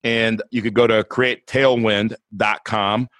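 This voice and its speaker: A man with a fairly low voice hosts a casual podcast chat, earnest and enthusiastic as he talks to his guests. The recording is dry and close, with no room sound. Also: level tone, slow, a bit bright, no echo. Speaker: podcast host.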